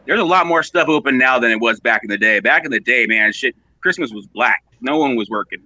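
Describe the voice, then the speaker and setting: Bright-voiced rambling man. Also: mid-range voice, expressive, no room sound, dull audio. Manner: rambling, halting storyteller with many restarts. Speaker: panelist on a live stream. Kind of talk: casual chat.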